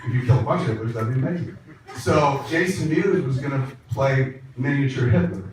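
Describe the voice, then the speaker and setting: A man rattles off a profane, laughing anecdote at a quick clip, his voice caught by a far-off mic in a very echoey hall. His pitch is mid-range, and steady noise hums underneath him. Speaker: host. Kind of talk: animated storytelling. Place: large hall with a live audience.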